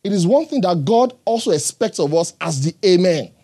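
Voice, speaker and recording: A man's voice: high-pitched, animated, normal speed, warm tone, husky. A man preaching a sermon in an earnest, emphatic way, often checking in with the congregation.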